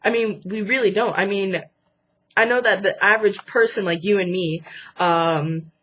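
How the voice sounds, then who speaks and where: A woman's voice: medium pitch, normal speed, a bit bright, slightly rough. A young woman hosting a casual vlog, chatty and indignant with lots of fillers, sounding stuffy from a cold. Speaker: channel host.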